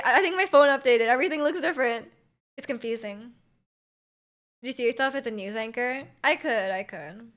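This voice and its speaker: A young woman with a Canadian accent chats loosely with her viewers, her voice pitched slightly high. She rambles, restarts, and trails off, dotting her talk with likes and little laughs. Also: brisk, fairly bright tone. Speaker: Twitch streamer. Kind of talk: casual chat with stream chat.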